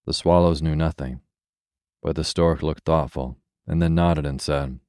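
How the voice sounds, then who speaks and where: A man reading a bedtime fairy tale aloud in a slow, soothing, even narration. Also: extremely low pitch, clear, resonant tone, dry recording, studio quality. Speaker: storyteller. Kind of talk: scripted bedtime story narration.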